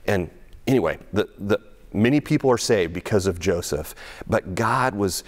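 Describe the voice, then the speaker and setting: Middle-aged guy preaching, lowish voice, chatty and animated, trips over his words a lot. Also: normal speed. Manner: conversational, animated, repeats words and restarts often; acts out quoted speech with raised pitch. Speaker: pastor. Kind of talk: sermon.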